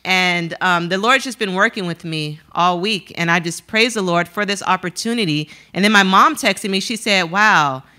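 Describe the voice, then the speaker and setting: A woman's voice: medium pitch, normal speed, few pauses, bright, forceful tone. A woman earnestly sharing a personal testimony at church.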